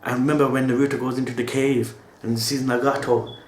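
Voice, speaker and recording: A man's voice: mid-range voice, level tone, a little fast, a little hiss or hum. A man giving an emotional reaction monologue as an anime reaction host, talking in slang and tagging his lines with a casual "yo". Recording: roomy echo.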